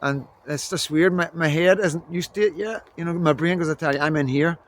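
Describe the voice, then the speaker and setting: A man's voice: fairly high pitch, a little fast. A man from Belfast with a Northern Irish accent, talking casually to the camera in a vlog and rambling with lots of "you know what I mean". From Belfast, Northern Ireland. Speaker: vlogger. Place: indoors in Scotland.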